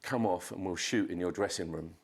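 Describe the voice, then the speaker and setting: Low-voiced man telling a wild story. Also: a little fast, breathy edge. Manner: animated storyteller, swears, acts out quotes in a raised voice. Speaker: podcast guest, photographer. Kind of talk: casual anecdote telling.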